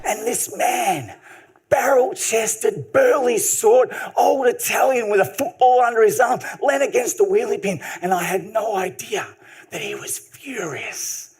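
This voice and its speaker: A man telling an unscripted story on stage, humorous and animated. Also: sits high, measured pace, breathy edge. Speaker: speaker. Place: live stage talk.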